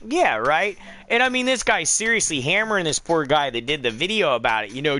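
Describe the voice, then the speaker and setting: Bright, high-voiced man telling stories. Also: big pitch swings, fairly quick. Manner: rambling storyteller, swearing, acting out quoted voices. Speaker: game streamer. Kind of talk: casual chat on a live stream.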